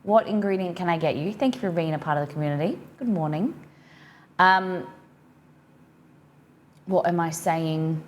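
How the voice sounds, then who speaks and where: A woman's voice: on the low side, moderate pace, pauses often, slight background noise. A woman with an Australian accent hosting a cooking live-stream, chatting with viewers and reading their comments aloud as she reacts.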